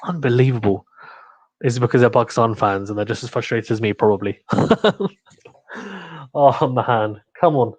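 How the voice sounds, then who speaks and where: A young man hosting a cricket watchalong livestream, reacting excitedly, groaning and pleading with each ball. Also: mid-range voice, normal speed, pauses often, poor audio. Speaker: livestream host.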